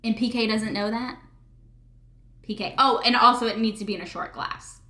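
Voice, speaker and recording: Chatty young woman, bright roomy voice. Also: on the high side, steady tone, moderate pace. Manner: chatty, filler-heavy with frequent "like". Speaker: reality TV recap host. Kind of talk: casual recap chat. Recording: echoey room.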